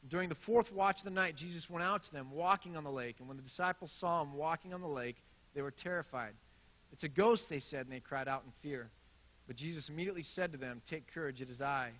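A man preaching a sermon with a fairly high voice and easy, conversational delivery. He reads scripture aloud and animates the crowd's reactions in everyday speech. The recording sounds dull and lo-fi. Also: fast talker. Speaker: pastor.

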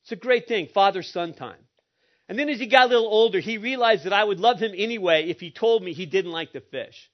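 A man's voice: high-pitched, brisk. A middle-aged man preaching a sermon with humorous storytelling. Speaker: pastor. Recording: muffled lo-fi recording.

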